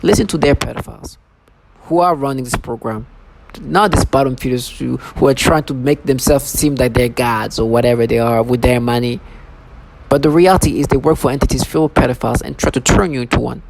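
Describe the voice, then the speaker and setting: A man's voice: medium pitch, fairly quick, vocal fry. A man talking in an agitated, rambling monologue to camera, often restarting his sentences. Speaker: vlogger. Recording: noisy recording.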